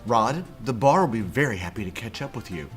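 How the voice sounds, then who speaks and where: A man's voice: medium pitch, big pitch swings, fairly quick, soft background music. A man acting as a TV interviewer in a scripted comedy sketch, asking incredulous questions. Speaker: mock TV interviewer.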